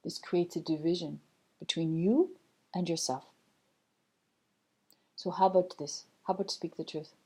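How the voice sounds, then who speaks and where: A gentle spirit guide speaks through a woman, teaching slowly and patiently with frequent pauses. The voice sits a little low and sounds soft and mellow. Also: fairly even intonation, breathy edge. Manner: slow, measured, gently instructive, many pauses. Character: collective loving spirit guide, calm and teaching. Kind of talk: channeled spiritual message.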